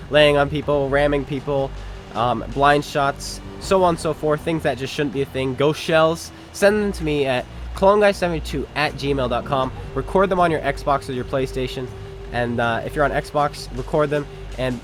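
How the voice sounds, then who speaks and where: Sarcastic man doing game commentary. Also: medium pitch. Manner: sarcastic, jokey, talks to enemies and viewers. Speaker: gaming commentator. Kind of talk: casual gameplay commentary.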